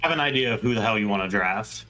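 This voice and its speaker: A man's voice: fairly low pitch, animated, fast, pushed and bright, faint music behind. A man co-hosting a podcast, chatting casually with brief, wry remarks. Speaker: podcast co-host. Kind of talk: casual chat.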